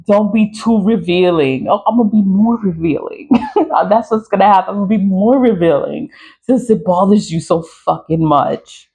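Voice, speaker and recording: A woman's voice: medium pitch, normal speed, gravelly, dark tone. A woman in her forties speaking frankly to her phone camera in a casual vlog rant, swearing and laughing often. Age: 40s. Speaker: online creator.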